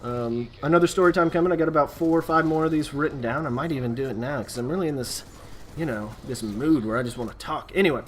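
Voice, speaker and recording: A man's voice: medium pitch, quick pace, a little hiss or hum. A man telling a story in a casual, rambling style, with lots of fillers and asides, as a gaming video host. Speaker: gaming YouTuber. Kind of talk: casual storytelling over gameplay.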